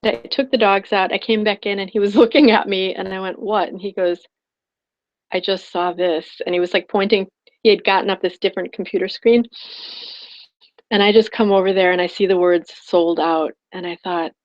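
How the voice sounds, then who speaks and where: A woman's voice: mid-range voice, fairly even intonation, a little fast, muffled recording. A woman coach telling a personal story in an online class, rambling and heartfelt with many restarts. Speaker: spiritual prosperity coach.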